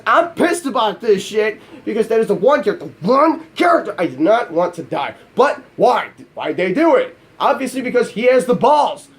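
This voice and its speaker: A man ranting in an angry, profane and exasperated way, with self-mocking asides, as a gaming YouTuber. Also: very high-pitched. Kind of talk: angry vlog rant.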